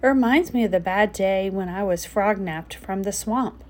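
A woman narrating a children's storybook aloud in the first person of a frog, with gentle, expressive storytelling. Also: mid-range voice, moderate pace.

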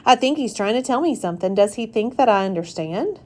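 A woman reading a children's chapter book aloud in a gentle storytelling manner. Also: a little high, animated, brisk.

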